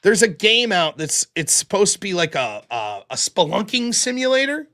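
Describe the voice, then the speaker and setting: A man's voice: high voice, big pitch swings, normal speed, bright, forceful tone. A man hosting a late-night live stream, rambling casually with lots of fillers and swearing. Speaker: live-stream talk show host.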